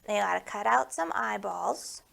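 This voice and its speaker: A woman's voice: mid-range voice, lively intonation, moderate pace, creaky, fairly bright tone. A woman hosting a library storytime for young children, talking in a playful, coaxing way and asking the kids questions.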